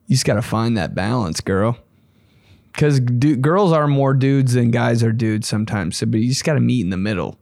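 A young man hosting a podcast, riffing in a casual comedic monologue with crude jokes and sudden shrill put-on voices. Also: normal speed, creaky, no echo, studio quality. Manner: animated, crude, puts on shrill voices for bits. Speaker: podcast host.

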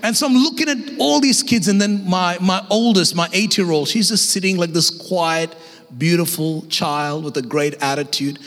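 High-voiced man preaching in a reverberant hall. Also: normal speed. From Australia. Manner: energetic, conversational preaching with acted-out voices. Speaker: guest pastor. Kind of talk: sermon. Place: church auditorium.

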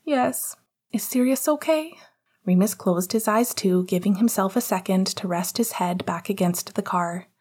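A woman reading an audiobook in steady, measured narration. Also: on the low side, breathy edge. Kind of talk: scripted narration.

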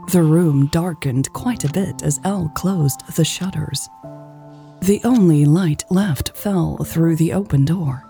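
A woman narrating a romance audiobook in a calm, intimate, unhurried way. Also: sits low, vocal fry.

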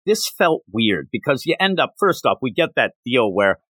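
A man hosting a podcast, recapping a comic in casual, rambling, animated chat with lots of filler words. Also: mid-range voice, moderate pace, no echo. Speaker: podcast host.

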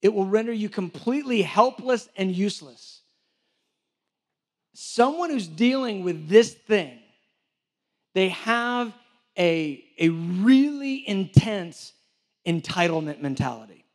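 A man preaching a sermon in a conversational way, acting out little back-and-forth dialogues and often restarting his sentences. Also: high-pitched. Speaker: church director preaching.

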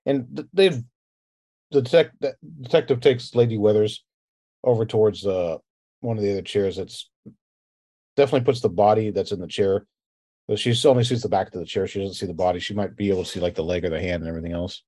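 Man, game master, rambling tabletop narration, low voice, warm mellow tone. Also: quick pace. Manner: loose, rambling narration with restarts.

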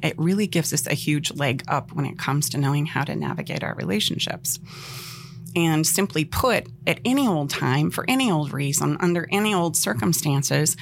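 A woman speaking as a relationship expert guest on a podcast, animated and expressive, often acting out what she would say. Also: low-pitched, gravelly, a little hiss or hum. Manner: expressive, acts out quoted lines, laughs easily.

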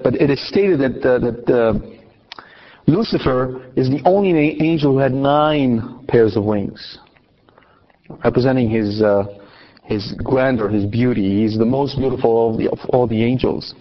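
A man's voice: mid-range voice, lo-fi sound. A man teaching on Scripture and the liturgy to a class, putting questions to his listeners and answering them himself, with frequent restarts. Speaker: Catholic teacher. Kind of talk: Bible teaching talk.

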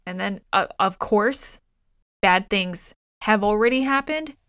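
A woman co-hosting a podcast, recapping a film in a profane, exasperated, animated way. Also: mid-range voice, slow, clean tone, no room sound, clean studio sound. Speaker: podcast co-host. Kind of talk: casual movie review chat.

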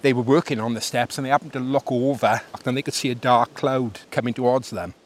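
A man's voice: mid-range voice, fairly even intonation, a little fast. A man guiding a walk outdoors on a hill, telling local history in a plain, slightly hesitant way. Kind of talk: casual storytelling.

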